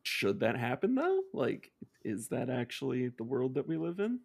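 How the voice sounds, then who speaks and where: Gravelly-voiced man, sarcastic rambling chat. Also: mid-range voice, very animated, moderate pace. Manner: sarcastic, rambling, self-interrupting. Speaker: podcast guest. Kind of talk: casual podcast chat.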